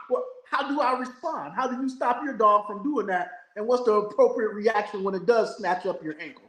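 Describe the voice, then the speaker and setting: A man hosting a casual chat, asking questions in a joking, animated way. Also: sits high, brisk, hardly any pauses. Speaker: host. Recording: roomy echo.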